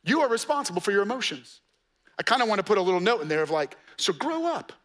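A man's voice: high-pitched, lively intonation, rapid-fire, a bit bright. A man preaching a sermon as pastor, conversational and coaching, with playful asides and rhetorical questions to the congregation.

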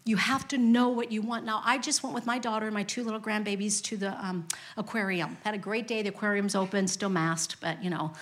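A woman's voice: medium pitch, fairly even intonation, a little fast, few pauses, fairly bright tone. A woman in her fifties preaching a sermon to her congregation, with emphatic repetition and direct questions to the listeners. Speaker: pastor.

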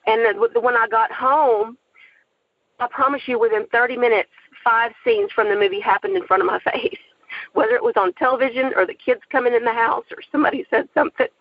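Earnest woman with a gravelly voice. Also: on the high side, brisk, no room sound, highs cut off. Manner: earnest, animated storytelling with religious conviction. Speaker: aspiring filmmaker telling her story. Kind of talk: personal testimony.

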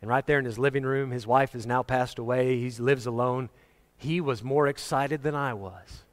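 A man preacher delivering a sermon, telling personal stories in a lively way and acting out the voices of the people in them. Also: medium pitch, moderate pace. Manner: animated storyteller, acting out quoted voices.

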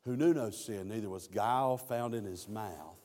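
A man's voice: fairly low pitch, moderate pace, mellow. Preacher man in a reverberant hall. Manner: storytelling preacher who voices biblical quotes. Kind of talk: sermon.

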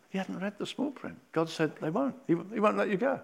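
A fairly high-voiced man delivering a sermon. He acts out Bible scenes with lively energy and drops from loud calls to near-hushed asides. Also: quick pace, creaky, few pauses. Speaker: preacher.

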